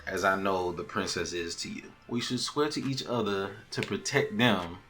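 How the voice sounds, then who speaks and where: Give me a man playing a soft, confiding young man speaking low. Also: normal speed.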